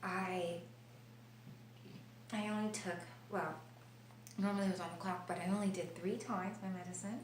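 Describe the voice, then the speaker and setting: A woman's voice: on the low side, moderate pace, pauses often. Woman telling her story in a roomy kitchen. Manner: animated storytelling, dropping to quiet whispers. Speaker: vlogger sharing her illness story. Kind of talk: personal video diary. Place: kitchen of an old house. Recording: roomy, distant mic with faint noise.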